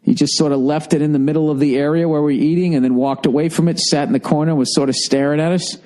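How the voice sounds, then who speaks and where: Tired forties male podcast host, rambling profane monologue, warm low timbre. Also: quick pace. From United States. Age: 40s. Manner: rambling, profane storytelling with lively acted-out quotes. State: lethargic, tired. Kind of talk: solo comedic monologue.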